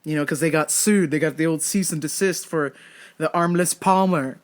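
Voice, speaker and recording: A podcast host ranting casually about fights, swearing a lot and getting heated and excitable. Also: normal speed. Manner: wide, jumpy pitch swings when worked up. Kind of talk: casual solo rant podcast.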